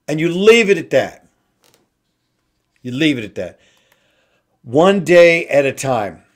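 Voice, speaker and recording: A man hosting an inspirational talk show, slowly repeating simple phrases with emphasis. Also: on the high side, very animated. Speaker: host.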